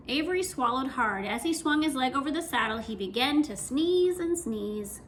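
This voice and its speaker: A woman reading a children's storybook aloud in an expressive, animated way. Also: sits high, normal speed, few pauses, slight background noise. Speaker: reader.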